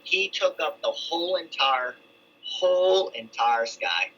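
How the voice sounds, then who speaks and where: A man's voice: fairly high pitch, big pitch swings, slow, pushed and bright. A middle-aged man telling his own testimony in a loose, rambling way, full of restarts and asides. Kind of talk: casual storytelling testimony. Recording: dull lo-fi sound with faint ambience.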